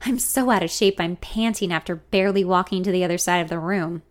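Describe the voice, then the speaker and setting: A woman narrating a first-person story in an expressive, confiding way. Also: lowish voice, brisk.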